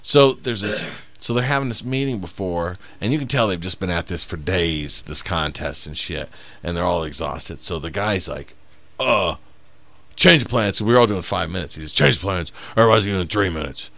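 A man who is a stand-up comic, telling profane, animated stories in a casual podcast chat. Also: low-pitched, moderate pace, gravelly. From South Bend, Indiana.

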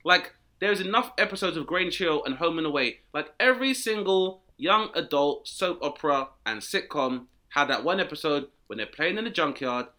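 A man ranting comically, jumping into mock voices and shouted punchlines. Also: fairly high pitch, animated, normal speed, few pauses. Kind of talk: comic rant with acted-out voices.

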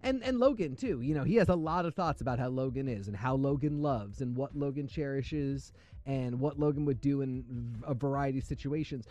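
A man hosting a casual comics discussion, giving thoughtful, measured opinions. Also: medium pitch, warm tone, no room sound. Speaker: host.

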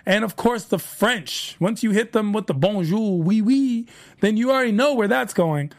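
A man's voice: high voice, normal speed. A man hosting a TV review show, recapping episodes in a casual, rambling way that repeats phrases as he retells scenes.

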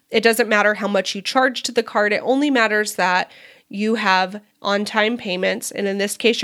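A woman hosting a solo advice podcast, talking in an upbeat, direct, chatty way. She sounds nasal from a cold and has some vocal fry. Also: mid-range voice, a bit bright. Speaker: podcast host.

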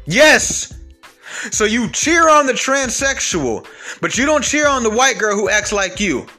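Bright, animated man ranting bluntly. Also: very high-pitched, measured pace, soft background music. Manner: blunt, profane and heated. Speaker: online commentator. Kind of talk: ranting monologue to camera.

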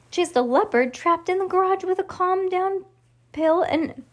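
A woman voicing a spunky, bossy young girl detective in a storybook reading. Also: slow. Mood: excited. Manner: bubbly, breathless, high.

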